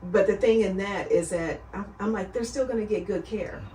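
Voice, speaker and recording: A woman's voice: medium pitch, moderate pace, a little hiss or hum. Earnest middle-aged woman telling her story. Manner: earnest storytelling, animated when quoting others. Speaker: guest. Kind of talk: casual chat. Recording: roomy sound, far from the mic.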